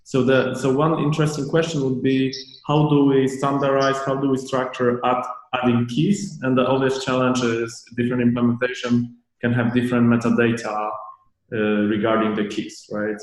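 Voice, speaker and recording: A man's voice: medium pitch, level tone, moderate pace. Hesitant man in an echoey room. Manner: hesitant, many "uh"s and restarts. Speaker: developer on a community call. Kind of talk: technical discussion. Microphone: video call. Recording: echoey room on a video call.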